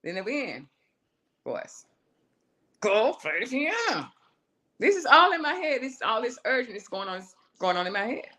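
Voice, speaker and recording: Animated woman telling her story. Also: a little high, quick pace, few pauses. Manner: animated, acts out her own voice and inner voices, calls the listener "girl". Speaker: singer and songwriter guest. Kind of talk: personal storytelling on a live show.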